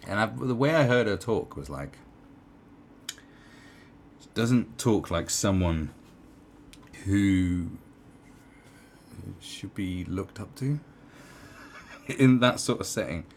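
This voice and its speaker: A man with a very low voice rambles through sarcastic opinion commentary, circling back with fillers and asides. His recording carries a faint hiss underneath. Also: animated, slow pace, long pauses.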